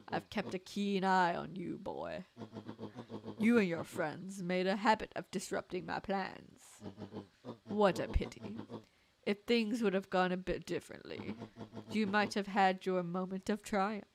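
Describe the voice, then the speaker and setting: A woman's voice: mid-range voice, creaky, slight background noise. A woman voicing a scheming elderly male villain in a game playthrough, gloating and theatrical. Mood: menacing. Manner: slow, gloating, theatrical delivery. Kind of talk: video game voice acting on a playthrough.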